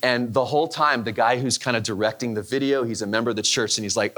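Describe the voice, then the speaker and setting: A man's voice: medium pitch, bright, forceful tone. Male pastor, 30s. Candid, conversational sermon delivery. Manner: candid, conversational, halting with restarts.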